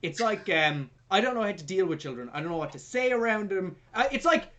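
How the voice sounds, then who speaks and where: Lively, sarcastic, sweary man. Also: high voice, fairly quick. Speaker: podcast co-host, film reviewer. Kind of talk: casual chat recapping a film.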